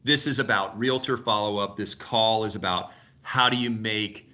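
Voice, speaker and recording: Animated bright-voiced man in his fifties. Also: fairly low pitch, normal speed. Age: 50s. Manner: animated, storytelling, swears casually. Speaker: sales coach leading a team call. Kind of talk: casual group video call.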